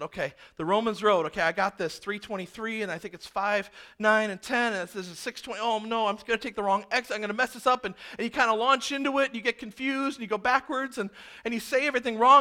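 A male pastor preaching a sermon, animated and acting out the people in the story. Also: sits high, fast talker. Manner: animated, acts out characters.

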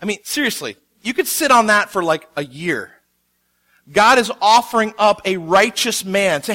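A man in his thirties preaching a sermon, telling a story with animated quotes. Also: sits high, normal speed. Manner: animated storytelling, acts out quotes with rising intensity. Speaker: pastor.

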